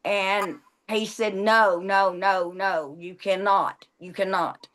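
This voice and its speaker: A woman's voice: mid-range voice, steady tone, takes it slowly, a bit bright. A woman, a victim's mother, telling in a documentary interview how she lost her son and acting out what was said. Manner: grief-stricken, reenacting dialogue.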